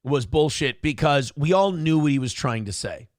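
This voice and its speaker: A man hosting a morning talk show in casual chat, rambling and animated, swearing freely with lots of fillers. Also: on the high side, normal speed, dry recording, studio quality.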